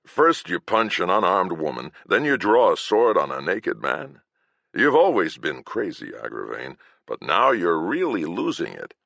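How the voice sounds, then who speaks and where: A man voicing a calm old man who mocks in a flat, dry way. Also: sits low, a little slow, vocal fry, no room sound, heavily acted. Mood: mocking.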